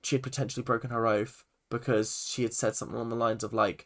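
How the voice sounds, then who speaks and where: Rambling man with a gravelly voice. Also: mid-range voice, little pitch movement, fast talker, fairly bright tone. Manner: rambling, full of "like" and self-corrections. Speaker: film and TV reviewer. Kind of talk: casual spoken review.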